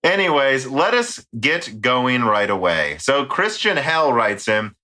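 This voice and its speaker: Bright-voiced American podcast host. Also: male voice, medium pitch, sing-song, slow. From United States. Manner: rambling, joking, reads listener mail aloud. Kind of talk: casual tech podcast chat.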